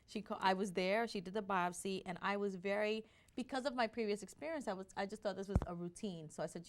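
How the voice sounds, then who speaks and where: A woman telling her personal story as an interview guest, in an animated way with frequent restarts. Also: mid-range voice, fast talker, few pauses, slight background noise.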